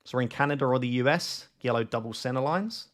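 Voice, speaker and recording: A young man live-streams a map guessing game, his medium-pitched voice moving fairly quickly. He rambles and thinks out loud as he guesses locations, packing in fillers and poking fun at himself.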